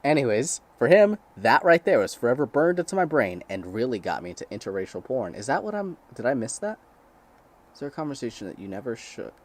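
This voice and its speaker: A man's voice: lowish voice, a little mellow. A young man with a crude, sarcastic manner, reading blog posts aloud and breaking off to comment and laugh.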